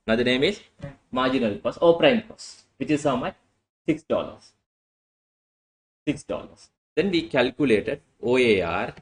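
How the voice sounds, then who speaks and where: A man's voice: medium pitch, poor audio. A male lecturer teaching a class, often asking "what?" and answering himself. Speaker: accounting lecturer.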